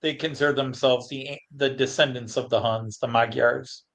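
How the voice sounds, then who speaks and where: A man's voice: medium pitch, steady tone, moderate pace, a bit bright. A man casually explaining history in long, chained sentences.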